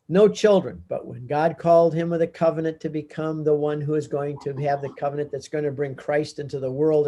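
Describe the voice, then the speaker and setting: A man guest on a talk show, teaching with lively storytelling that climbs in pitch when he stresses a point. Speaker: Catholic speaker and pilgrimage guide.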